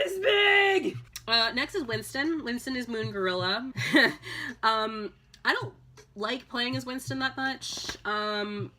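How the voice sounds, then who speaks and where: A slightly tipsy woman chatting casually, rambling with lots of "like" and "um" and breaking into loud excited squeals. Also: on the high side. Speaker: vlogger. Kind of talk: casual tipsy chat about a video game.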